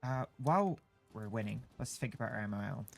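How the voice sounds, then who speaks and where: A woman's voice: a bass voice, animated, gravelly, soft background music. A Scottish woman, a game developer, chatting casually and reacting upbeat during a livestream. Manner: upbeat, quick reactions and agreement. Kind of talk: casual livestream gameplay chat.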